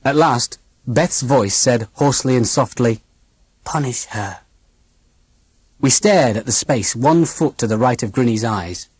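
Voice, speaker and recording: Expressive, slightly breathy audiobook narrator. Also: medium pitch, normal speed, no room sound. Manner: dramatic, expressive reading. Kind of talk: first-person storybook narration.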